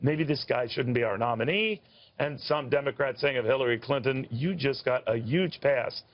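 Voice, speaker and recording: A man's voice: medium pitch, moderate pace. A male news host leads a live television interview in a chatty, rambling way, with wry asides. His voice sits in a middle range. The broadcast audio is a little dull.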